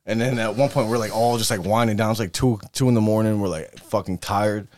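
A man's voice: lowish voice, fairly even intonation, a little fast, darkish tone, a little hiss or hum. A man hosting a casual podcast chat in a small shed studio, telling stories loosely, swearing freely and laughing through his punchlines. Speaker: podcast host.

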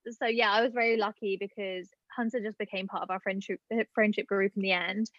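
A woman's voice: mid-range voice, steady tone, a little fast, fairly bright tone, dry recording. A young woman from Britain, a podcast guest telling a story in casual chat, full of "like" and "um". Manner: chatty, filler-heavy with many "like" and "um". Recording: dull lo-fi dry sound.

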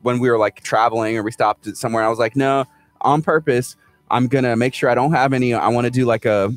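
A man co-hosting a morning show, telling stories with lively energy and putting on voices for the people in them. His voice sits in the middle range and sounds close and dry, with faint music underneath. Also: mid-range voice, fast, no room sound. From Houston, Texas. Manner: animated storyteller, acts out quoted people. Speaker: radio co-host. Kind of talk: casual morning show banter.

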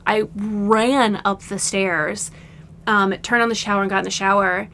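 A woman co-hosting a casual podcast, telling a story in an animated way and acting out what people said. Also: mid-range voice, unhurried, vocal fry, a little hiss or hum. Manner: animated storytelling, acts out quotes. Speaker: podcast co-host. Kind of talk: casual chat.

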